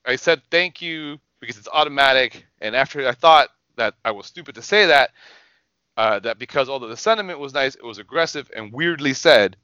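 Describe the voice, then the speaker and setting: Heated, profane man in a bright voice. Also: medium pitch, clean tone, no room sound, muffled recording. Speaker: podcast co-host. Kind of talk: casual profane rant.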